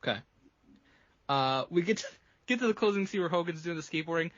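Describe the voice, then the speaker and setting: A man's voice: a little high, animated, quick pace, fairly bright tone, no room sound, dull audio. A man co-hosting a podcast, recapping a movie in casual, profane chat and laughing often. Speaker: podcast co-host recapping a film.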